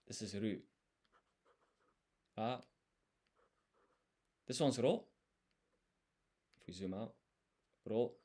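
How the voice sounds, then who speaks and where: A man's voice: mid-range voice, darkish tone. A man studying on a livestream, thinking aloud and explaining each step as he writes. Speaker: language learner.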